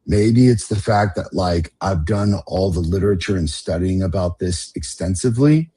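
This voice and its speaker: A middle-aged man with a low, husky voice hosts a podcast in a casual style. He rants with passion and swears freely, pushing into loud, emphatic bursts. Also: normal speed. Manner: passionate, profane, builds to emphatic outbursts. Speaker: podcast host.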